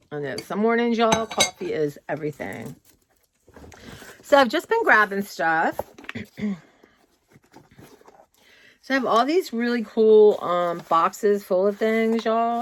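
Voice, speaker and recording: A woman's voice: mid-range voice, lively intonation, slow pace, pauses often. Chatty woman with faint background hiss. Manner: chatty, rambling, says "y'all" often. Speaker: vlogger. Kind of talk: casual chat. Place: home, indoors.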